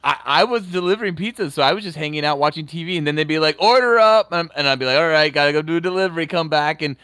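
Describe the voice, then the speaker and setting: A man co-hosting a podcast in casual chat, rambling and cursing through animated stories. His voice is bright and sits a little high, and it is recorded dry and close with no room sound. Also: racing, clear, resonant tone, dry recording. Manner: rambling, profane, animated storytelling. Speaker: podcast co-host.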